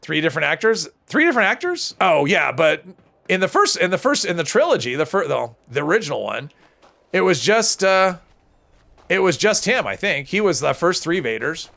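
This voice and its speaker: On a live stream, a man gives casual gameplay commentary while reading chat, rambling and often correcting himself mid-thought. His voice is a bit high for a man, gravelly and a bit bright, with lively intonation whose pitch swings widely, at normal speed.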